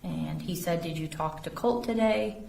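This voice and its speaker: A woman testifying as an investigator in court, reading messages aloud in a measured, factual way. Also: fairly low pitch, creaky, a little mellow, a little hiss or hum. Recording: roomy courtroom audio from a distance.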